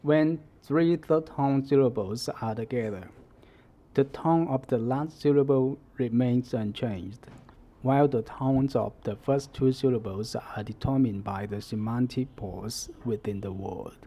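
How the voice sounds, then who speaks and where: A man gives a language lesson at a very slow, careful pace. His voice is dark and a little husky. He lays out each rule step by step and models words for repetition. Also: medium pitch. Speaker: Chinese language teacher. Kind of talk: slow instructional explanation.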